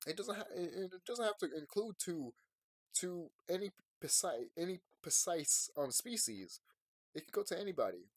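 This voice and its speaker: A man talking to his viewers in a rambling late-night monologue. He sounds sleepy and yawning, and he swings from quiet, tired musing to loud ranting. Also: high voice, lively intonation, normal speed, no room sound, clean studio sound. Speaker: vlogger.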